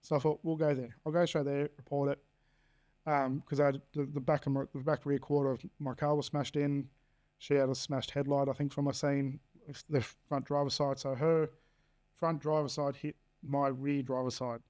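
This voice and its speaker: An Australian man in his thirties speaks as a podcast guest, bluntly recounting his own story with plenty of swearing and acted-out quoted dialogue. His mid-range voice is darkish in tone, with little pitch movement and a moderate pace.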